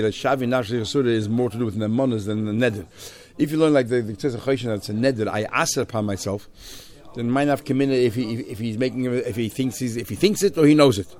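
A man giving a Talmud class at a quick clip. He reads out Aramaic and Hebrew phrases and explains each in English as he goes, in a voice of middling pitch. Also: darkish tone. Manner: rapid explaining, quoting Aramaic and glossing in English. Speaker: Talmud teacher.

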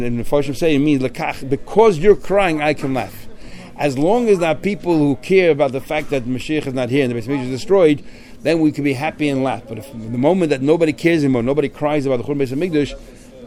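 Brief: male Talmud teacher, mid-pitched voice, reads a text and translates it, repeats words as he goes. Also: dark tone. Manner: mixes Hebrew and Aramaic phrases into English, repeats words. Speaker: Torah teacher. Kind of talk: Talmud class, reading and translating.

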